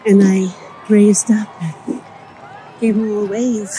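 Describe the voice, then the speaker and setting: A woman's voice: medium pitch, level tone, unhurried, long pauses, dark tone, low-quality recording. A middle-aged woman vlogger walking outdoors and telling a personal story, vivid and breathless. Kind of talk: storytime narration. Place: outdoors on a city street near a cemetery. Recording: street noise with passing traffic.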